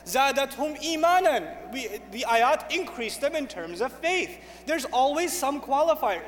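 Man, sermon, emphatic, repeats phrases, very high voice, long hall reverb. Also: fairly quick, few pauses. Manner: energetic, emphatic, repeats phrases, recites Arabic verses. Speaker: Islamic speaker. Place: lecture hall with an audience.

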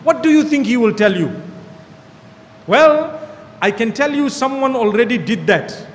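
A man delivering a sermon in a high, bright register, his voice ringing out with a long hall reverb. He talks in an animated way and drives points home by repeating short phrases. A faint room hum sits behind him. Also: unhurried. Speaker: preacher. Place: hall with an audience.

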